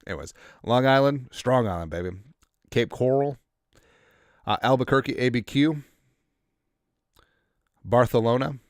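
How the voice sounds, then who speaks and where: A man hosting a casual sports livestream, rambling as he reads out viewer shout-outs, a little congested. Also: medium pitch, animated, moderate pace, long pauses, clean tone, dry recording, clean studio sound. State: congested, coughing. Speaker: podcast host.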